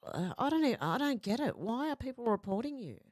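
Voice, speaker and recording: A woman's voice: on the high side, big pitch swings, a little fast, darkish tone, no room sound, studio quality. Chatty woman hosting a stream. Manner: chatty, swears freely, reads viewer comments aloud. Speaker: show host reading live chat. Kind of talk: casual livestream chat.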